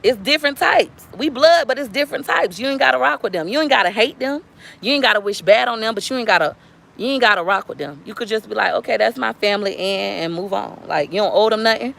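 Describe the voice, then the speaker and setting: Gravelly woman livestreaming. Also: on the high side, quick pace. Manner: preachy, animated, talks straight to viewers. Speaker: livestream vlogger. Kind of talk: casual livestream chat.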